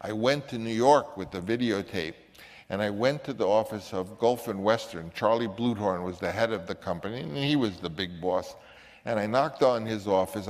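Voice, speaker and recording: An older man with a lowish voice tells a story in an animated way, now and then slipping into other people's voices. A long reverb trails after his words. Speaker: filmmaker recounting a story. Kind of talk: anecdotal storytelling.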